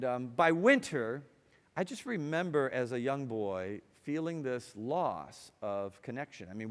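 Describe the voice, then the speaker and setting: A middle-aged man from Ohio shares a personal story before an audience. His voice sits in a middle pitch, and his wry delivery moves between hushed reflection and lively humor. The sound carries the long reverb of a large hall. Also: clean tone. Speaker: speaker. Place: university hall.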